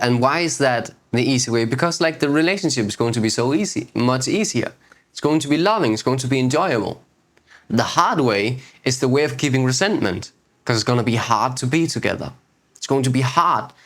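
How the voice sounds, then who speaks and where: Unhurried man teaching spiritual wisdom. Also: mid-range voice, lively intonation. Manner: unhurried, repeats phrases, asks rhetorical questions. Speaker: host of a spiritual video series. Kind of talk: reflective teaching talk on spiritual texts.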